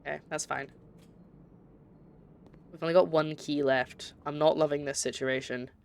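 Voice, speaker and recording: A woman's voice: low-pitched, fairly even intonation, moderate pace, vocal fry, a little mellow, a little hiss or hum. A young woman from Scotland with a light Scottish accent, chatting casually and rambling as she streams a game and reads chat. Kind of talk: casual gameplay commentary.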